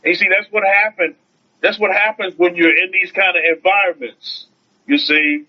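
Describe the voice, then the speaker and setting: A man's voice: high-pitched, normal speed. A man, a rabbi, giving an informal online teaching to his followers. He talks in a preachy way, repeats his phrases, asks rhetorical questions and reads out viewer comments. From United States. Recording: dull lo-fi stream audio.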